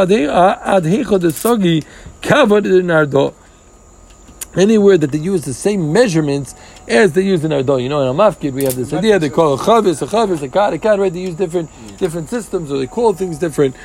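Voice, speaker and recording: High, gravelly man teaching a Talmud class. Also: a little mellow. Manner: explains step by step, mixes Hebrew-Aramaic terms into English, joking asides. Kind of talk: casual Gemara class.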